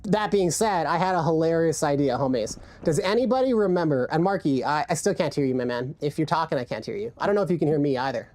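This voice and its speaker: A woman's voice: sits low, animated, quick pace, few pauses, a little mellow. A woman game streamer chatting casually and profanely, rambling with many restarts into a desk mic. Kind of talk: casual live-stream chat.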